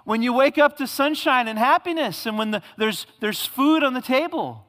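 A man's voice: very high-pitched, lively intonation, normal speed, fairly bright tone. A male pastor preaching a sermon with emphatic repetition and rhetorical questions, recorded in a church sanctuary. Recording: long hall reverb.

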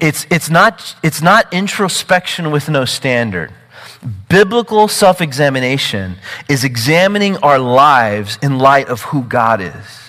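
A man preaching a sermon with emphatic, animated delivery, often repeating words and building to urgent peaks. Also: mid-range voice, big-room sound, low-quality recording. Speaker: pastor.

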